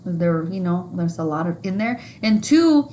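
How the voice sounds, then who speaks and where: A woman co-hosting a podcast, telling stories in a casual, profane, animated way. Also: on the low side, moderate pace, slight background noise. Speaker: podcast co-host. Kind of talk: casual chat.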